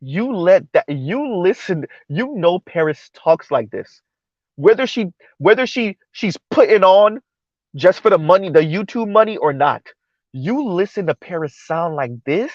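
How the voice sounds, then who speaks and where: Brief: male live-stream host, stunned and animated commentary, dry close mic with a muffled, lo-fi tone. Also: high voice, unhurried, dry recording. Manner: animated, incredulous, repeats words and restarts often.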